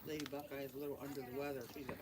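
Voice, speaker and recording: A man's voice: mid-range voice, little pitch movement, very fast. A man chatting casually on a livestream, joking in an offhand way. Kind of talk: casual chat. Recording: background noise.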